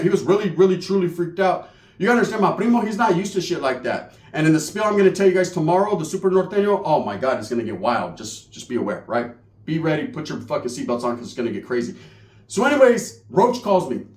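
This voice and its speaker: A man with a fairly high voice tells a rowdy story, animated and full of swearing. He keeps tagging his lines with "right?" The room around him is echoey. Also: fast. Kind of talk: casual profane storytelling.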